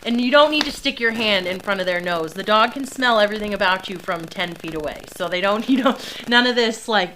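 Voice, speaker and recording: Young female trainer, casual live Q&A host, bright, laughs a lot, slight background noise. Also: medium pitch, fairly quick, few pauses. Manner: chatty, laughs often, many ums and likes. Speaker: service dog trainer. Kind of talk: casual livestream Q&A.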